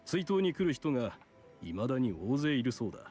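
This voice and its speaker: A man voicing a smooth self-serving game doctor. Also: mid-range voice, racing, soft background music, natural voice. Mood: explaining. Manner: calm, polite, matter-of-fact. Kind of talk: game voice acting.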